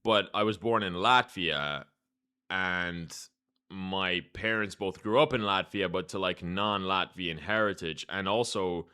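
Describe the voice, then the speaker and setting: A young man streaming chess, chatting casually with viewers and thinking out loud in a laid-back way, with keyboard clicks behind. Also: low-pitched, measured pace, smooth. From Ireland. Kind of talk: casual live-stream chat while playing chess.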